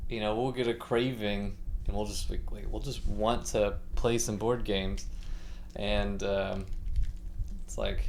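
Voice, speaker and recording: A musician livestreamer, a man, chatting casually and ramblingly while setting up his gear at home. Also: fairly low pitch. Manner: rambling, laid-back, many fillers. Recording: echoey room with faint background noise.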